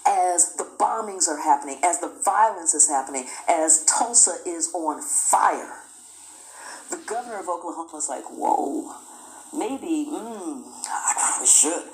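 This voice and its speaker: A woman lectures on history with emphatic repetition, building each point in lists. Her voice sits very low, and the recording rings with echo from the room. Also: animated, normal speed, slight background noise. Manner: emphatic, repeats phrases, acts out quotes.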